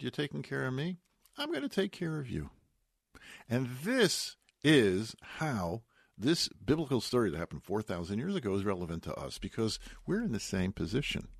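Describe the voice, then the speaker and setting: A rabbi gives his weekly Torah talk, delivering a sermon on the Bible portion as a story with folksy asides and Hebrew words mixed in. His voice is mid-range and husky, captured in studio quality with no room sound.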